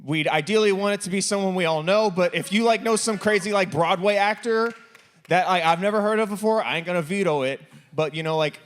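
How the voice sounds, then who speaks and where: Brief: male game host, higher voice, joking with teens in a church youth room. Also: brisk. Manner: playful, laughing, teasing.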